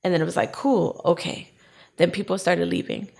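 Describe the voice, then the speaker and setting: Fairly quick and gravelly, this lowish female voice belongs to a young adult podcast co-host sharing a personal story in casual conversation. She's animated, acting out her own lines and other people's.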